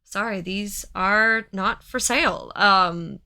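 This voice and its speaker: A woman voicing a calm woman doctor who politely but firmly refuses. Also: medium pitch, takes it slowly.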